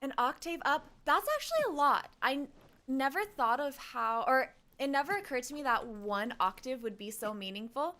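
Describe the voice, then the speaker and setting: A woman's voice: high-pitched, lively intonation, normal speed, pushed and bright. A woman streaming a game, chatting casually with her viewers and talking to herself as she plays. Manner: hums tunes and quotes game lines. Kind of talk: casual gameplay chat.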